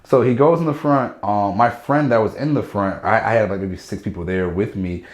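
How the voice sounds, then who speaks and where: A man, a stand-up comedian, telling a story in casual chat, animated and acting out what people said. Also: on the low side, moderate pace, reverberant. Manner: animated, acts out quotes in shifting voices.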